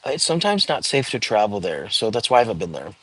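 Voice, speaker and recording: A man's voice: on the low side, sing-song, fast, a bit bright, slightly rough, low-quality recording. A middle-aged man hosting a casual livestream, chatting and answering viewer questions from the comments. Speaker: livestream host.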